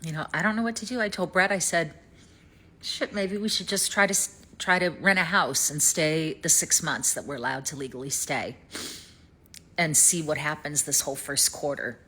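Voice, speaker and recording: Middle-aged southern woman rambling into her phone, kinda low voice, worried, trails off quiet. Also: moderate pace. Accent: Southern American. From East Tennessee, United States. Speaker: vlogger. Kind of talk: casual personal vlog. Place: rented home in Canada.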